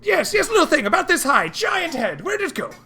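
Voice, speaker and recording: A woman voicing a panicked male ship crew member who shouts and stammers. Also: very high-pitched, sing-song, a little fast, pitched above the performer's own voice, exaggerated voice. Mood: frantic.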